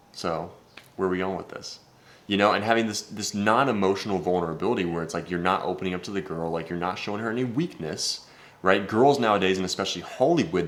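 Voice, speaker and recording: A young man coaching on dating, telling a story in a brash, swearing, casual vlog style. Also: low-pitched.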